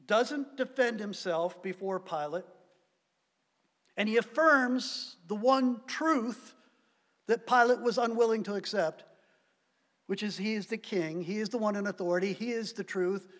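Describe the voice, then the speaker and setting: Pastor, male, high-pitched, preaching with emphatic stresses; reverberant church hall. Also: a little slow. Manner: emphatic preaching, swinging between loud stresses and quiet drops. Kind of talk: sermon.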